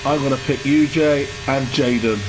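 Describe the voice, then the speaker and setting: A man giving relaxed live commentary on an online race and greeting viewers in the chat. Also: medium pitch, normal speed. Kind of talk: live sim-racing commentary. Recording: noisy stream with engine sound behind.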